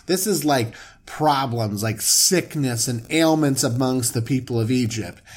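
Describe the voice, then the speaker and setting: A man's voice: mid-range voice, a little slow. A man animatedly telling a joking, slangy comic retelling of scripture as a podcast co-host.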